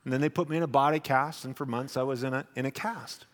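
A man, preaching a sermon and telling lively personal stories, acting out the people in them. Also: medium pitch, quick pace. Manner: animated storyteller, acts out voices. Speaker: pastor. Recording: hall with long reverb.

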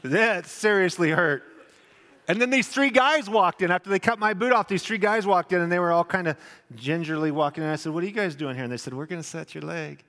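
A man, preaching a sermon and telling lively personal stories, acting out the people in them. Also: high voice, fairly quick. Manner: animated storyteller, acts out voices. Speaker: pastor. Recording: hall with long reverb.

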